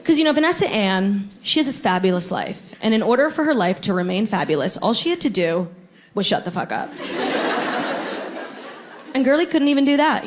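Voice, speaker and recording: A woman's voice: mid-range voice, noisy background. A young woman doing a stand-up comedy set on a theatre stage, brash and self-absorbed, with dry sarcasm. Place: theatre stage before a live audience. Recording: live theatre recording with crowd laughter. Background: audience laughter.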